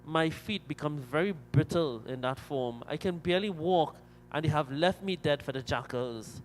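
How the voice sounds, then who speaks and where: A man voicing an old, worn-out male donkey who complains in a slow, heavy way. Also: a little high, slight background noise, lightly acted, poor audio. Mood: weary.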